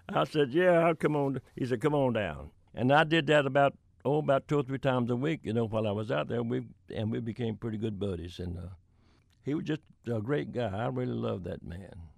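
A man's voice: medium pitch, gravelly, dry recording. An older man from Florida, telling folksy stories from his career in an interview. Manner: folksy anecdotal storytelling with chuckles. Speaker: country singer-songwriter guest. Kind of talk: storytelling in an interview.

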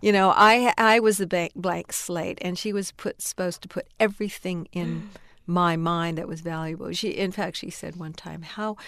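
An older woman novelist answering interview questions thoughtfully, pausing to search for words and laughing now and then. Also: lowish voice, fairly even intonation, fairly bright tone, no room sound, clean studio sound. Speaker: novelist interviewed about her work.

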